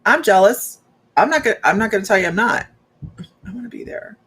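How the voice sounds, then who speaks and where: A woman's voice: mid-range voice, animated, brisk, a bit bright, breathy edge. A woman working as a psychic medium, giving a rambling, chatty live reading and talking straight to her viewers.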